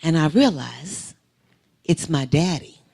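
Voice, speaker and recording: A woman's voice: low voice, lively intonation, slow, gravelly, a little mellow, husky. A woman giving a testimony sermon in a church, telling a vivid story that swells into emphatic preaching. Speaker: guest speaker. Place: church sanctuary.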